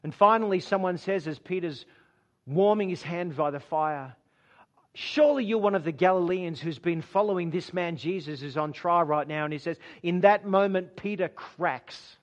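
A man delivers a sermon as vivid storytelling, acting out the quoted lines. His voice sits high for a man, and he sinks to hushed, low tones at the weighty moments. The recording is somewhat dull and muffled. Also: moderate pace. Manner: dramatic retelling, voices quotes, drops low and soft for emphasis. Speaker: preacher.

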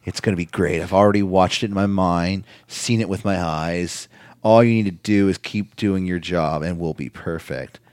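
A man doing a smug, calm self-assured showman. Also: low-pitched, moderate pace, no echo, studio quality, close to an everyday voice. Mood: soothing smug.

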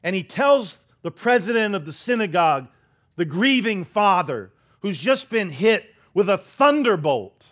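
Pastor, male, high voice, dramatic storytelling sermon with hushed asides. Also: sing-song, unhurried. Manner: dramatic storytelling, drops to a hush for quoted words; leads the congregation in call-and-response.

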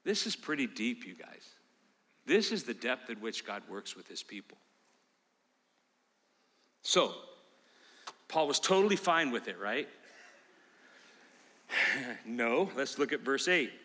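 A male pastor preaching a sermon to his congregation, emphatic and swinging between loud calls and hushed appeals. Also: mid-range voice, big pitch swings, slow pace, pauses often. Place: church sanctuary. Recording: reverberant church hall.

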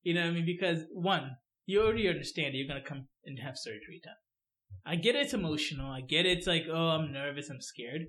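A man hosting a podcast in a casual chat, animated and playful, laughing often. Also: fairly high pitch, fast. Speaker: podcast host, dentist. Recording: echoey room.

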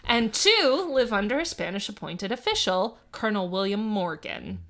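A woman's voice: medium pitch, animated, moderate pace, a bit bright. A young woman co-hosting a casual history chat, reading from notes with playful, giggly asides. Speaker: podcast co-host.

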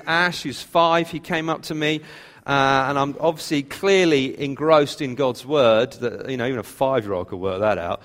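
A man's voice: fairly high pitch, fairly bright tone. A man, preaching a sermon in a chatty, self-mocking storytelling way. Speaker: pastor. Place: church hall. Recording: long hall reverb.

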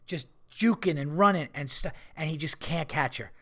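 A man hosting a comedy podcast, telling rambling, profane stories in a casual, animated way. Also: a little high, normal speed.

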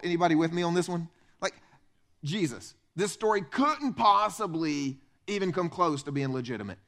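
Animated higher-voiced male pastor preaching. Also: normal speed. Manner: animated, acts out quoted voices with big pitch swings. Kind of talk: sermon. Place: church.

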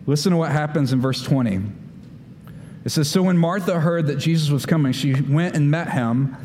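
A pastor giving a sermon, talking animatedly and acting out the voices of Bible figures. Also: male voice, fairly high pitch, normal speed, darkish tone. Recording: long hall reverb, faint room noise.

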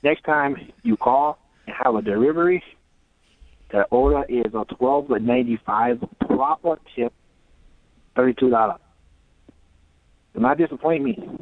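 A man's voice: medium pitch, expressive, a little slow, long pauses, no echo. A man on a phone call voicing a profane, rambling male food delivery driver in a mock foreign accent. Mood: indignant. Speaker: caller. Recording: tinny phone line.

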